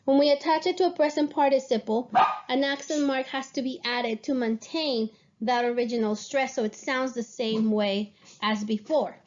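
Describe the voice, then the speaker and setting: A woman's voice: high-pitched, steady tone, moderate pace, darkish tone, lo-fi sound, slight background noise. A woman teaching Spanish grammar to a class, explaining patiently and checking in with her students.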